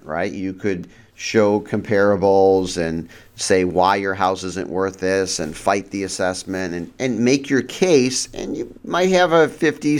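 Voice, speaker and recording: A man hosting a real estate advice show, talking casually with frequent restarts, rhetorical "right?" checks and sudden jumps in pitch for emphasis. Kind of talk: casual explanatory monologue. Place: central New York region.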